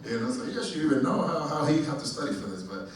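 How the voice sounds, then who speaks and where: A man's voice: a little high, sing-song, fast talker. Man speaking casually in an echoing hall. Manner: casual and blunt, with swearing. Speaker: panel guest actor. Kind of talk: convention panel storytelling. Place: large convention hall. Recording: echoey convention hall, distant mic.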